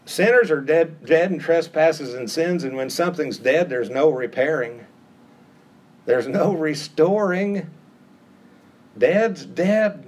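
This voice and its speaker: Slow, emphatic male preacher. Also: fairly high pitch, a little mellow. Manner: emphatic, repetitive preaching cadence with rising emphasis. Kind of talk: sermon.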